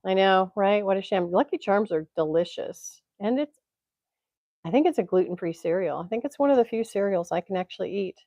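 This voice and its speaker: A woman's voice: medium pitch, animated, a little fast, warm tone, dry recording. A woman from Tennessee hosting a casual livestream from home, chatting in a rambling way and laughing often. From Tennessee, USA. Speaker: livestream host. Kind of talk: casual chat. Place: home, indoors. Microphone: computer mic.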